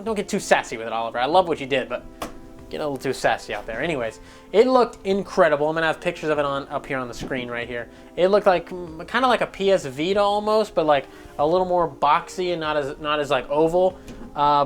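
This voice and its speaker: A man rants through gaming news at a rapid clip, swearing freely and joking as he goes. His delivery is loose and animated, with faint music playing softly behind him. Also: a little high. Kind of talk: casual news rant.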